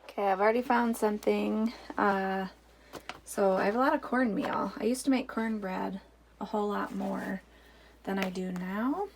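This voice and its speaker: A chatty woman in her thirties talks through her pantry shelves in a casual, practical way, her voice carrying a gravelly, creaky edge. She walks around her home with the camera, and a faint hiss sits under her words. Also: mid-range voice, moderate pace. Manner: chatty and practical, thinking aloud with many fillers. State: out of breath after the stairs. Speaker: homemaking vlogger. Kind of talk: casual walk-through vlog. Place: home basement storage and pantry.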